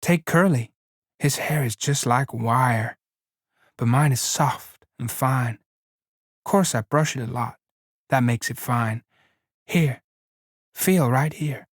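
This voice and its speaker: A man's voice: medium pitch, slow pace, long pauses, dry recording, clean studio sound. A man voicing vain young ranch wife. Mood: complacent. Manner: vain, teasing, complacent. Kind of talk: audiobook reading.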